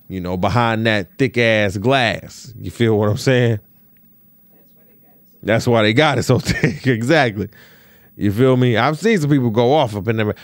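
A man's voice: medium pitch, no room sound. A man hosting a solo podcast, telling a story in a casual, slangy way and often checking in with rhetorical questions. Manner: profane, slangy, with stammered restarts. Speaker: podcast host.

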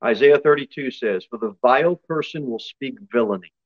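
A male pastor preaching a sermon, his voice jumping high and loud for emphasis before dropping back low. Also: normal speed, no room sound, muffled recording. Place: church.

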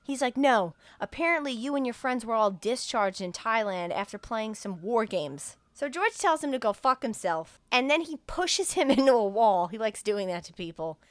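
A woman's voice: fairly high pitch, lively intonation, moderate pace, hardly any pauses, no room sound. A woman hosting a podcast, casually recapping a movie plot in a chatty, profane way with acted-out dialogue. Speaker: podcast host.

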